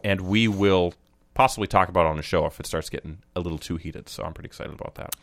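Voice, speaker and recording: A man's voice: low-pitched, quick pace, dry recording. A man co-hosting a podcast, chatting casually and joking with his co-hosts in a rambling way. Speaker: podcast co-host. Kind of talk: casual chat.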